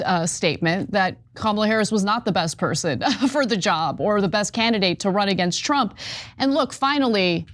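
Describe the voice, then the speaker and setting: A woman in her forties co-hosting a political talk show, animated and exasperated. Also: mid-range voice, dry recording, studio quality. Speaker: show co-host. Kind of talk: heated political commentary.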